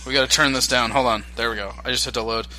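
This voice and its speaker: A man's voice: medium pitch, steady tone, racing, noisy background. A comedian from Minnesota, a man, guesting on a podcast with dry, self-deprecating jokes. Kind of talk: casual podcast chat.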